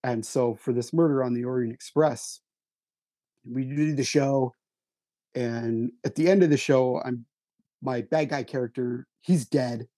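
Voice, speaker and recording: A man's voice: medium pitch, a little slow, mellow, no room sound. A man, a writer and stage actor, telling self-deprecating stories in a casual conversation.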